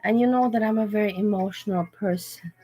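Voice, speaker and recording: A woman's voice: mid-range voice, brisk, dark tone. A woman hosting a livestream, talking in a candid, rambling, emotional way. She tells personal stories in a casual chat. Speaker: livestream host.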